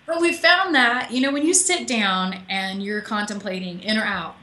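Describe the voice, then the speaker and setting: A woman author is interviewed over call audio from her home office, where the room sounds echoey. She is chatty and emotional and laughs often, her medium-pitched voice bright and forceful at a moderate pace.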